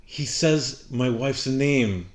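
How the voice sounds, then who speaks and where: A man co-hosting a podcast, telling an animated story in casual chat and trailing off and restarting as he goes. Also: medium pitch, extremely slow. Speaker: podcast co-host. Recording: roomy echo.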